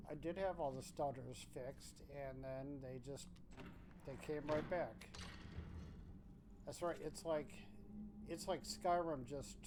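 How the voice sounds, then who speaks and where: A man streaming a game, reading chat aloud in a laid-back, drawn-out way, thinking aloud with restarts. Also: mid-range voice, noisy background.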